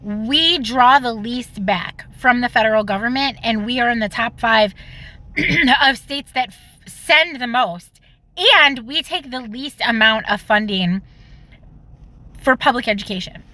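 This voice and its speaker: Bright-voiced indignant woman ranting. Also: on the high side. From Illinois. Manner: indignant, mocking, rapid bursts. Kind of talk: social media reaction rant.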